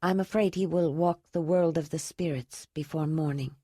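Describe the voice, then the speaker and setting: A gentle, steady healer woman speaks carefully about an injured man, as a woman narrator reads her part. Her low voice stays calm, and the reading sounds close and dry. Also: dry recording. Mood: grave. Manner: gentle, measured.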